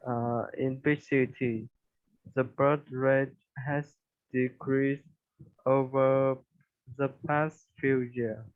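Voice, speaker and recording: A man student reading English words and sentences aloud haltingly, with many fillers, over a call. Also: mid-range voice, level tone. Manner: hesitant, reads word by word with fillers. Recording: tinny phone-like call audio.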